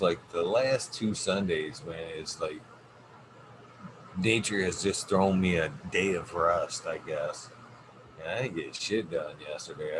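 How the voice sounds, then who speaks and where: A man hosting a casual podcast chat, relaxed and rambling, swearing freely. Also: sits low. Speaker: podcast host. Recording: steady background noise.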